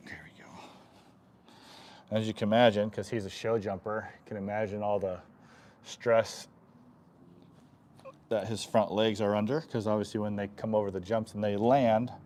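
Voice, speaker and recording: A man working as an equine chiropractor, explaining stretches on a live stream while softly soothing the horse and often clearing his throat. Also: lowish voice, flat delivery, normal speed, long pauses. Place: horse stall in a stable.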